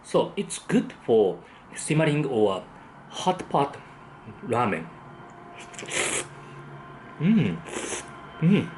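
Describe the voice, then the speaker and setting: Slow, savoring man. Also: mid-range voice, big pitch swings, darkish tone, slight background noise. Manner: savoring, frequent appreciative hums. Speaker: food vlogger. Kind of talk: casual tasting commentary.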